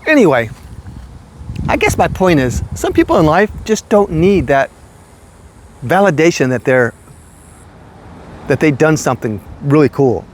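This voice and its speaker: Lively older man telling stories. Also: normal speed, long pauses, slight background noise. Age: 60s. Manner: animated, rambling, jumps high when quoting himself. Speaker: vlogger telling work stories. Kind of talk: casual storytelling.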